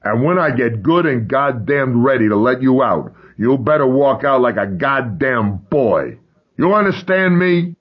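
A man voicing a brutal, raging stepfather who bellows slow, coarse threats, on a dull lo-fi recording. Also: mid-range voice, lively intonation, husky, pitched above the performer's own voice. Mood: furious. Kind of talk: audiobook character reading.

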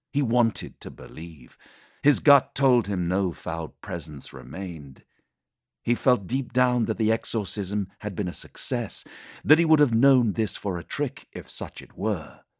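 A man's voice: sits low, dry recording, studio quality. A man narrating an action audiobook in a dramatic, intense scripted style.

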